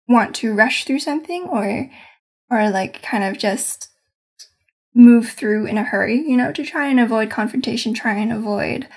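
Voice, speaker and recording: With a voice on the high side, a woman game master casually recounts her tabletop session, wandering off track and hedging while she hunts for words.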